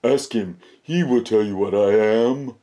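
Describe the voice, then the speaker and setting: A patient, slightly weary cow, as a man puts her on, sounding lower and quieter than the narration and drawing her words out. Her lines land plain and matter-of-fact, like a storybook read to children. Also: measured pace, lightly acted.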